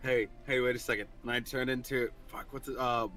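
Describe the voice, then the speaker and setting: A man playing a tabletop game who talks in an animated, joking way. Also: medium pitch, brisk, faint music behind. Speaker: player. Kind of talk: casual play at a tabletop game.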